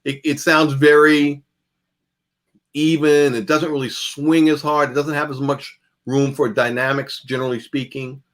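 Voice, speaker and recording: A man's voice: on the high side, little pitch movement, measured pace, fairly bright tone. Casual man teaching jazz guitar. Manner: casual, conversational, demonstrates by saying picking strokes aloud. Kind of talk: masterclass lecture.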